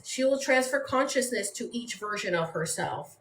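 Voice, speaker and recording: This livestream host from San Diego, California chats casually from home over a phone mic, rambling and using "like" often. Her voice is fairly high and expressive with a fairly bright tone at a normal speed, and the echoey room carries faint background noise.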